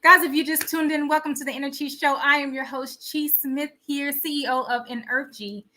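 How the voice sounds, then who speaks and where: A woman with a high, bright voice hosts a live motivational talk. She preaches to her audience, firing off rhetorical questions and repeating her points for emphasis. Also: fairly even intonation, fairly quick. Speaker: host of a wellness show.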